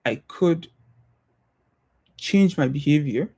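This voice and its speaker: Young male streamer, non-American accent, mellow tone, reflective and hesitant delivery. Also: a little high, expressive, slightly rough. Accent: non-American English accent. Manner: thoughtful, hesitant, many pauses and restarts. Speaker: livestreamer. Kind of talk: casual reflective livestream talk.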